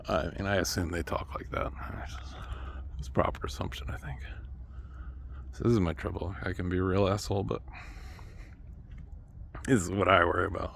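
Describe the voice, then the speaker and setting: A man talking in a rambling monologue who trails off quietly, then breaks into sudden loud outbursts. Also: fairly low pitch, vocal fry, slight background noise.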